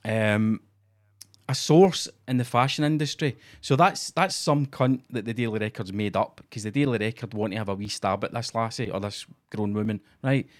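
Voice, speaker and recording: A man's voice: on the low side, moderate pace. A Scottish man co-hosting a casual, sweary podcast chat and telling mocking stories. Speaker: podcast co-host.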